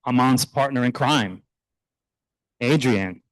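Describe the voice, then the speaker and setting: A middle-aged man, a youth soccer coach, speaking earnestly and proudly while honoring his players at a town meeting, loose and a little halting. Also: medium pitch, dry recording, rough recording. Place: township council meeting room.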